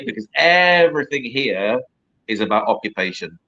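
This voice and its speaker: Man from up north in england, chatty and repeating himself, sharp bright voice over a muffled video call. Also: mid-range voice, normal speed. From northern England, near the Scottish border. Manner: chatty, rambling, repeats words for stress. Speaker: poet and guest. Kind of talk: casual interview chat.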